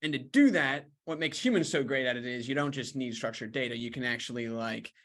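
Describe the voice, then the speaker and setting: A man's voice: medium pitch, fairly quick, fairly bright tone. A man hosting a casual interview who talks in an easygoing, affirming way with frequent fillers. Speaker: host.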